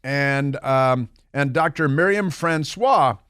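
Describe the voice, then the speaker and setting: Speaking slowly in a mid-range voice with a fairly bright, clean tone, this middle-aged man runs a studio talk radio show. His opinionated monologue is mocking and meandering, full of fillers and side comments, and the studio mic captures it dry.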